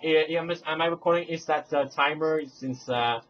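A man's voice: on the high side, moderate pace, hardly any pauses, a bit bright. A young man giving casual, giggly commentary while playing a video game. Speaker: let's play commentator. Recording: dull lo-fi home recording with faint hum.

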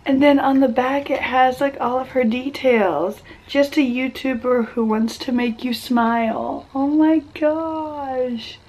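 A woman's voice: high voice, steady tone, slow pace, few pauses, darkish tone. Sick, teary young woman vlogging at home. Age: young adult. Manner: gushing, emotional, says "oh my gosh" often. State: sick and weak, near tears. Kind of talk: casual vlog to camera.

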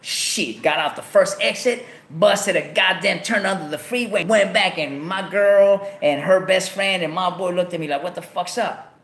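Loud profane man. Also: high-pitched, moderate pace, hardly any pauses. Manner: profane, loud street slang. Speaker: podcast host. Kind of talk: casual storytelling. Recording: echoey room.

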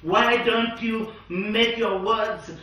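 Woman preacher, sermon, emphatic and repetitive, bright tone, heavy echo, distant mic. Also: fairly high pitch, steady tone, drawn-out words. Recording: echoey room, distant mic.

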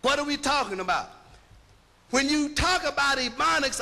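An American man lectures with a high, piercing, bright voice that turns gravelly at the edges. He drives his points home emphatically, like a preacher, with rhetorical questions. His voice rings through a hall with a long echo. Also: lively intonation, moderate pace. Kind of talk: public lecture.

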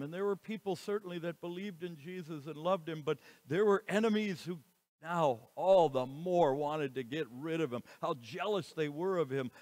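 A man giving a sermon as pastor, moving between quiet passages and loud, emphatic lines. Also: a little high, dry recording. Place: church.

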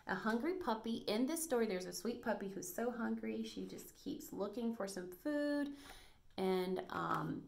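A woman teaching a first grade reading lesson on video, speaking in a bright, encouraging classroom voice with plenty of praise. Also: on the high side, expressive, a little slow, gravelly, slight background noise. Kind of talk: recorded video lesson for young children.

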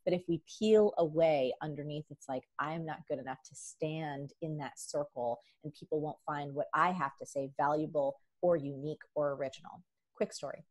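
A woman's voice: deep voice, fairly even intonation, moderate pace, darkish tone. A woman guest in a casual conversation, talking animatedly and acting out her past thoughts in voices.

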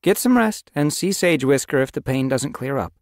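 A man voicing a caring, practical female mentor cat in a storybook reading, giving gentle advice. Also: mid-range voice, lively intonation, normal speed, no room sound, clean studio sound, voice pushed up, lightly acted. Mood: advising. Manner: advising, gentle.

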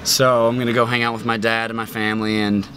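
A man's voice: mid-range voice, fast, slight background noise. A young man from the United States talking casually to his vlog viewers. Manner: excitable, shouts and laughs while watching a game. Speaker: vlogger. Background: music.

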